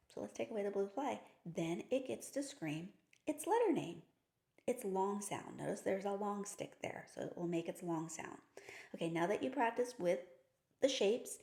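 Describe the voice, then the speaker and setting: A reading teacher teaches phonics to teachers and parents, patient and upbeat, using playful kid-friendly terms and asking questions she then answers herself. Her medium-pitched voice has vocal fry and is a little mellow, in an echoey room.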